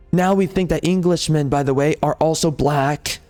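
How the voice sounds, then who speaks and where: A man's voice: fairly high pitch, moderate pace, few pauses, darkish tone, soft background music. A man making a gaming video, giving heated, repetitive, exasperated commentary over gameplay.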